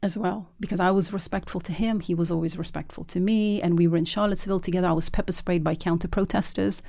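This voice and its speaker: A documentary filmmaker woman telling her story in an interview, animated and restarting often as she acts out the voices of the people she quotes. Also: fairly low pitch, quick pace, gravelly.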